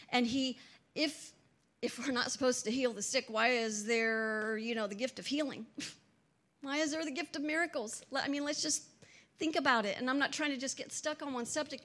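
A woman's voice: high-pitched, fairly bright tone. A woman preaching fervently to a church gathering, emphatic and full of rhetorical questions. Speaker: church speaker. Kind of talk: impassioned preaching.

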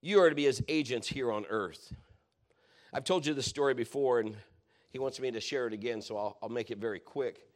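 A man's voice: mid-range voice, brisk. Man preaching a rambling sermon story. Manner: rambling, self-correcting, conversational storytelling.

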